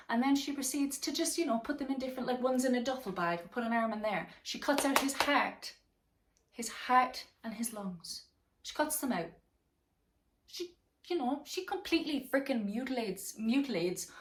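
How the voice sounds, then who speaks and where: Rambling, profane woman recounting a crime. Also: medium pitch. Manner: rambling, profane, many fillers. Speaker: true crime vlogger. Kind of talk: casual true crime storytelling. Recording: roomy echo, mic at a distance.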